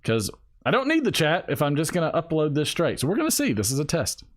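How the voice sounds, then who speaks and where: A man's voice: a little high, wildly swooping pitch, fast. A man hosting a live stream, chatting casually and rambling, laughing often and talking to his viewers. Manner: rambling, giggly, talks to chat. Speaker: host.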